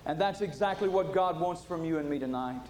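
A man's voice: fairly high pitch, fairly quick, slight background noise. Impassioned preacher man. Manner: impassioned, swinging from loud to hushed. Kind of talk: sermon.

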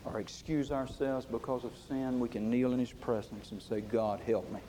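A man preaching a sermon with passion, swinging from loud to hushed. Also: medium pitch, fairly even intonation, normal speed, slight background noise.

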